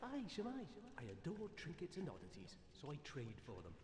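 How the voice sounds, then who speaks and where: Fields: Sex: man. Figure: genteel peddler. Style: courteous game merchant. Pitch: lively, sing-song. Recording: roomy, noisy. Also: brisk. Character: polite wandering male peddler, fond of trinkets. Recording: roomy game audio under noise.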